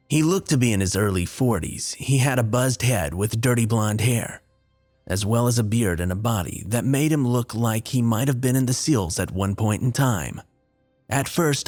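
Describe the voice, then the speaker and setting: A man's voice: fairly low pitch, darkish tone. A man narrating a scripted horror story in a wry, dry, confessional tone. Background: faint music.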